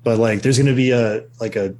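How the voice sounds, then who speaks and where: A man on a casual podcast keeps asking curious questions. He has a middle-pitched voice. A faint hum runs under the recording. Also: steady tone, a little fast, a little mellow. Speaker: podcast co-host.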